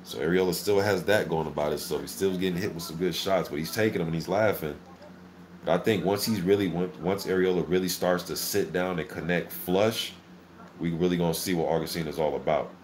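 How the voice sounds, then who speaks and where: A man hosting a casual live boxing reaction, calling the action play-by-play in an excitable, filler-heavy way. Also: deep voice, fairly quick, slight background noise. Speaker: boxing channel host. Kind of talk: live fight commentary reaction.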